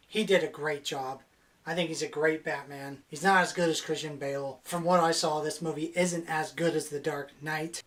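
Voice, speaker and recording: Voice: medium pitch, distant mic. A movie reviewer ranting in a vlog, annoyed, blunt and crude.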